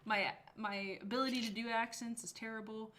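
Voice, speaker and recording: A woman with a fairly high voice trades exasperated, sarcastic remarks as a podcast co-host. Her talk is casual and unscripted, with a faint hiss of noise under it. She sounds fed up and quick to mock. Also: steady tone, a bit bright. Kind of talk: casual reaction chat.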